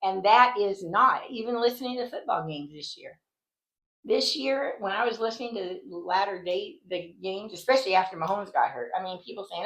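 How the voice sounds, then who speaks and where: A woman's voice: medium pitch, expressive, moderate pace, a bit bright, low-quality recording. A woman teaching a Bible study in an earnest, indignant, conversational way, rambling and restarting her sentences as she goes. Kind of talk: conversational devotional talk.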